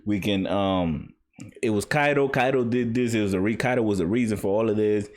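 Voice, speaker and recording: A man's voice: lowish voice, fairly quick, a little mellow, close to an everyday voice. A man voicing a cowardly, scheming male villain lord who wheedles and sneers theatrically. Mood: groveling.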